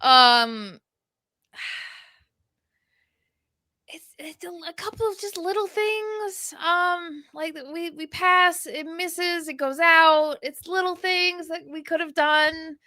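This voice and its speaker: A woman's voice: very high voice, slow pace, pushed and bright, dry recording. A woman co-hosting a sports podcast, recapping a match in casual, laughing, rambling chat. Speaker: podcast co-host.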